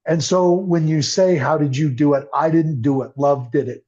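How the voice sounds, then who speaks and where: With a mellow voice that runs a little high, an older man talks at normal speed about his recovery as a podcast interview guest. The telling is earnest and emotional, and the audio is muffled and lo-fi.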